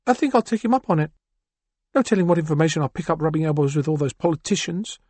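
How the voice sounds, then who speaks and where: A man's voice: fairly high pitch, lively intonation, fast talker, a little mellow, no room sound, pitched above the performer's own voice. Cool, clipped bar owner woman, as a man puts her on. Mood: musing. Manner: firm, clipped, businesslike. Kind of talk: audiobook character voice.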